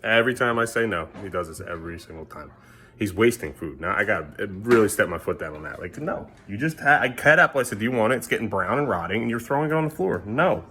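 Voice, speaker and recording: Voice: mid-range voice, lively intonation, fast talker, pushed and bright. A parent filming a casual home vlog indoors, speaking firmly but patiently to two young children and venting to the camera in between. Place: indoors at home, bathroom area.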